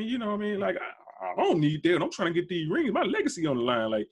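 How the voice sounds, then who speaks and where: Fast-talking man in heated sports chat. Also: sits high, very animated, husky. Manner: fast, emphatic, slangy, rising sharply when insisting. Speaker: podcast host. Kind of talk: casual sports debate.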